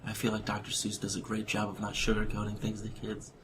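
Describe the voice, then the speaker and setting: A man talks in a low-key, deadpan, matter-of-fact manner as a comedic podcast guest. Faint hiss sits behind his voice. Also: fast.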